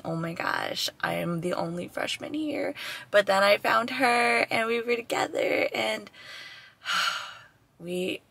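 A woman in her twenties talks to her camera in an easy vlog style. She gushes and gets emotional, with a sigh here and there, and her voice sits a little low. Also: gravelly, fairly bright tone, dry recording. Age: 20s. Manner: gushing and emotional, with sighs. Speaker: vlogger and bride-to-be. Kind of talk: casual vlog talk to camera.

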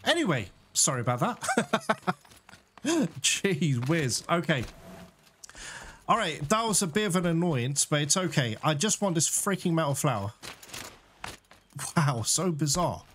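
Excitable man narrating his gameplay. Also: fairly high pitch, a little slow, pauses often, a little hiss or hum. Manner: excitable, swears and shouts at enemies. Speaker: gaming channel host. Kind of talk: casual let's-play commentary. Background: loud game music.

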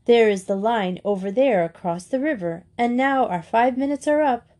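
A woman voicing a kindly but stern father who talks in a measured, formal way. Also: a little high, animated, dark tone, natural voice. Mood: explaining.

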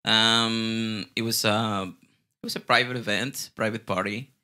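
A guest bartender with a Mexican Spanish accent tells stories casually, sometimes repeating words and dropping the odd swear. A Spanish speaker, he talks in a fairly low, fairly even voice, unhurried and with a sharp tone.

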